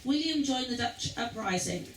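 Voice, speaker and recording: A woman's voice: fairly high pitch, animated, normal speed. Woman lecturing in an echoey ship lounge. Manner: chatty, addresses the audience directly with questions. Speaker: cruise lecturer. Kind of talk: informal history lecture to passengers. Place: lounge aboard a river cruise ship. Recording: roomy, distant, faint background noise.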